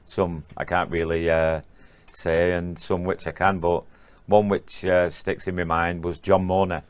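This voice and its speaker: A man's voice: low-pitched, flat delivery, measured pace, clean tone. An older man, a former rugby player recalling his career in an interview, often stumbling and repeating words as he starts. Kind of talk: interview recollection.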